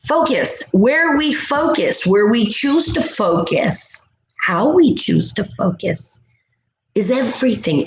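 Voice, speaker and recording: A woman talks to her viewers in a motivational self-help vlog, her fairly high voice animated and playful. The room is echoey, with a faint hiss of noise behind her. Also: takes it slowly. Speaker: spiritual vlogger.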